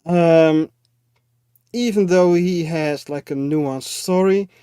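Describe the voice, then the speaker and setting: A man with a fairly high, mellow voice talks through his film picks, hesitant and quick to laugh. The recording is dry and close. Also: clear, resonant tone, dry recording. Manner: laughs often, thoughtful, hesitant. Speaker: co-host. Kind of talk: casual chat about films.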